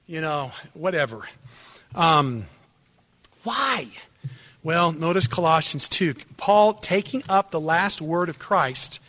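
A man preaching a sermon, telling stories in an animated way, dropping to a hush and then rising to loud emphasis. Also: fairly high pitch. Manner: animated storytelling, swings from hushed to loud. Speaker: pastor. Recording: long hall reverb.

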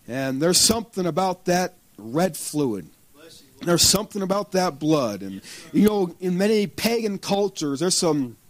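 A man with a strikingly high voice preaches through a story, animated and quick to chuckle. The sound is very dry and close, with no room around it. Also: no echo, low-quality recording. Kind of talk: storytelling sermon.

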